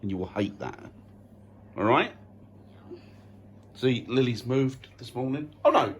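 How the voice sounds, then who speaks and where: A man's voice: mid-range voice, very animated, a little slow, slight background noise. Family-man vlogger, playful ribbing, bouncy intonation. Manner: teasing, playful banter. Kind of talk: casual home vlog. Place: family home.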